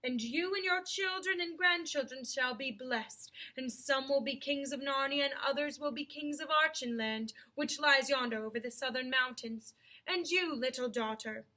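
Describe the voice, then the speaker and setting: Woman doing a grave storybook lion king, slow and commanding, bright tone. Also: high-pitched. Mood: solemn. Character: majestic male lion king, solemn and kind.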